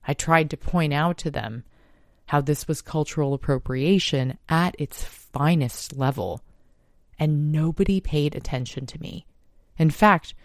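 A woman's voice: deep voice, a little mellow, dry recording, studio quality. A woman hosting a podcast, speaking in an earnest, emphatic monologue and swearing now and then for emphasis. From United States. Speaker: podcast host. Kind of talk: impassioned monologue.

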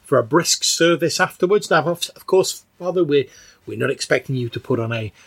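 A man's voice: a little high, animated, brisk, vocal fry, slightly rough, voice pushed up, heavily acted. A man voicing a frail, fussy old female churchgoer who stammers and repeats words, out of breath. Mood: eager.

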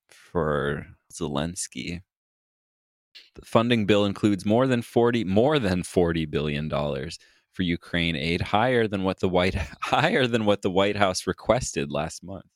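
A man co-hosting a podcast, talking in a slow, scornful, swearing way in casual political banter. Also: low voice, no room sound, clean studio sound. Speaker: podcast co-host.

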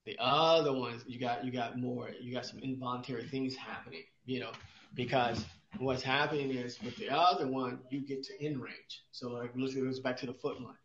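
A man's voice: medium pitch, fairly even intonation, moderate pace, fairly bright tone, a little hiss or hum. Man explaining with rhetorical questions. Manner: rhetorical questions, many restarts, emphatic. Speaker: podcast co-host, exercise expert. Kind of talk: explanatory casual chat. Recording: roomy, dull lo-fi sound.

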